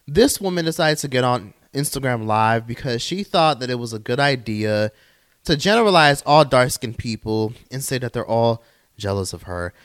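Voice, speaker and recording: Lively, sassy male podcast host. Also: medium pitch. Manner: expressive, sassy and exclamatory. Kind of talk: casual commentary podcast.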